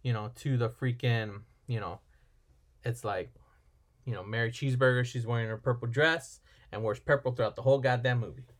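A man's voice: mid-range voice, fairly quick. A man chatting casually as a podcast co-host, retelling a film plot in a rambling way and acting out the characters' lines. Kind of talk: casual movie recap chat.

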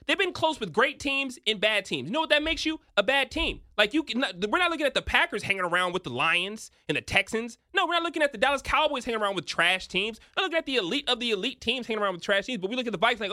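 A young man giving sports betting picks in an emphatic, excitable talk-show manner. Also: very high-pitched, fast, few pauses, dry recording, clean studio sound. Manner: emphatic, rising to excited near-shouts.

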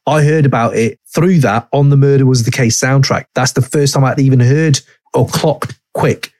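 Emphatic podcast host. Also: male voice, mid-range voice, moderate pace, no room sound, studio quality. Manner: animated, emphatic storytelling with swearing. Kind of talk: casual podcast talk.

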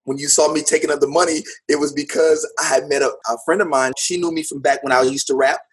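A man, an actor and teacher, telling his story in a casual interview in an upbeat, animated way with frequent laughter. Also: on the high side, fast, breathy edge. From United States.

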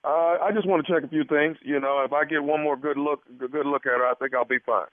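A man's voice: a little high, fairly even intonation, fast, no echo, close to an everyday voice. A man on a radio prank call, playing a smarmy doctor who stammers and hints. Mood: sly. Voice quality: stammering, sly, suggestive. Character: smarmy male doctor prank-calling a husband. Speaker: prank caller. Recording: phone-like band-limited sound.

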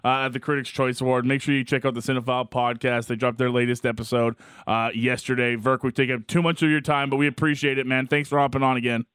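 A man's voice: medium pitch, level tone, fast, hardly any pauses, a bit bright, clear, resonant tone, no echo. A man hosting a sports radio show in a studio, bantering casually and joking with his guests.

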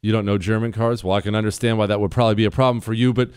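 A man's voice: on the low side, steady tone, rapid-fire, darkish tone, clean tone, dry recording, clean studio sound. A man hosting a talk radio show, speaking bluntly and sarcastically with strong emphasis. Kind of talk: opinionated talk radio monologue.

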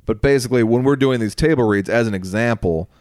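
A man's voice: medium pitch, fast talker, darkish tone, no room sound, clean studio sound. A man co-hosting a casual comedy podcast, wry and teasing, talking about running a writers' room. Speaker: podcast co-host, TV show runner.

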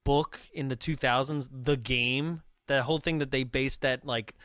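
Chatty man with smooth dry voice. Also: mid-range voice, steady tone, moderate pace, fairly bright tone, dry recording. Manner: chatty, laughs often, mocks lines in put-on voices. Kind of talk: casual movie discussion.

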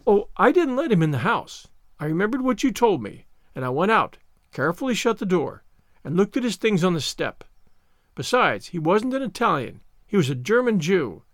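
A theatrical young orphan girl pours out her woes in long, earnest, self-pitying speeches, as a man reads her aloud. The voice sits high and moves a lot. The sound is close and dry. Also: big pitch swings, normal speed, no echo.

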